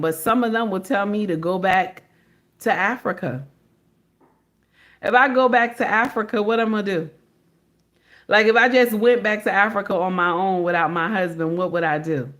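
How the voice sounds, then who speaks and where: A woman's voice: mid-range voice, fairly bright tone. Slangy, emphatic woman hosting a livestream. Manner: emphatic, repeats her points; slangy, informal speech. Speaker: livestream reaction host. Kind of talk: casual livestream commentary.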